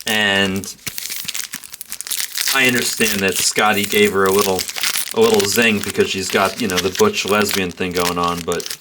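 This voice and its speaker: A man's voice: low voice, steady tone, moderate pace, pauses often, noisy background. A man hosting a card break, telling stories in a rambling way and repeating himself. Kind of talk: casual storytelling during a live break. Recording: crinkling and tearing card packs.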